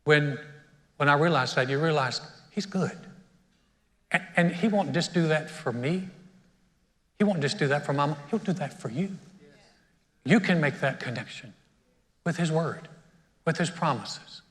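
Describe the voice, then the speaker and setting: This middle-aged pastor's voice is a little high, expressive and a bit bright, and he speaks at a measured pace with long pauses. Preaching in a church sanctuary, he shares a personal story and becomes choked up, and the recording has a church hall's long reverb.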